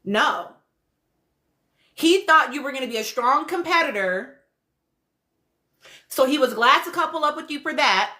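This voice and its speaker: High bright-voiced woman recapping reality TV. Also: unhurried, pauses often. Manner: blunt, profane, animated commentary with laughs. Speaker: podcast host. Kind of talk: casual reality-show recap livestream.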